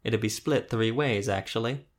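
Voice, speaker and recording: A laid-back male tracker with a rough, folksy way of talking as a male narrator puts him on. He sounds easygoing and unbothered. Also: lowish voice, moderate pace, natural voice. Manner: casual, folksy grammar.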